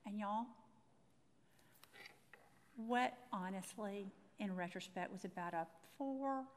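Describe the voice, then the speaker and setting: A woman's voice: mid-range voice, in a large hall. A woman telling a personal faith story, acting out the voices in it. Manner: animated storytelling, acting out quotes. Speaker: Christian speaker. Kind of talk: personal testimony talk.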